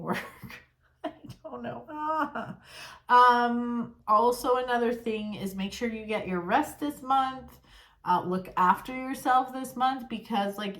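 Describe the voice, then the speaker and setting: Woman tarot reader, casual and blunt, exasperated tone, cursing, middle pitch, roomy echo. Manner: blunt, exasperated, swears freely. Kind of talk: casual tarot reading to camera.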